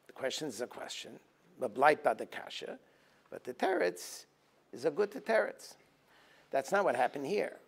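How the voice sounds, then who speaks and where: A man's voice: moderate pace, vocal fry, husky. Man lecturing, acting out voices. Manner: storytelling, acting out dialogue in a lively voice; rising to forceful emphasis, then dropping low. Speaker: rabbi and lecturer. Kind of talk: Tisha B'Av teaching talk.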